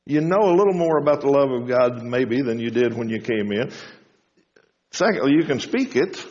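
A man delivers a sermon in a homespun storytelling way, lifting his voice high for quoted lines. The sound is dull and lo-fi, with a long reverb trailing each phrase. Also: lively intonation, normal speed, darkish tone. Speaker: preacher.

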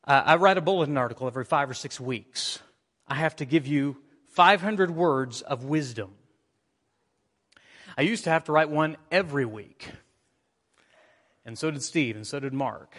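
Here a pastor with a slightly high, somewhat bright voice preaches at a moderate pace, pausing often as he reads scripture and draws in his congregation. Sanctuary reverb colors the recording.

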